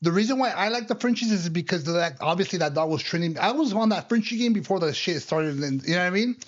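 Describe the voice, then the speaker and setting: A man chatting as a podcast guest at a quick clip, his voice sitting a little high. He rattles off street slang, sprinkles in Spanish words and calls everyone "dog." The audio sounds dull and lo-fi. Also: expressive. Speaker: podcast guest, business owner. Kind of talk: casual podcast chat.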